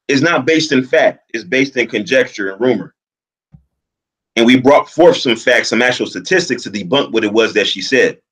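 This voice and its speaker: A man hosting a livestream, arguing his points in a deliberate, explanatory way. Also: medium pitch, a bit bright, rough recording. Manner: deliberate, argumentative, explains at length. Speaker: livestream host. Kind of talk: livestream commentary.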